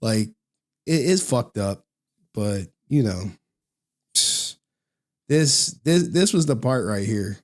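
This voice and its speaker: A man's voice: lowish voice, animated, slow, long pauses, darkish tone. A man giving casual reaction commentary, blunt and profane, often repeating phrases for emphasis. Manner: blunt, profane, exasperated ranting.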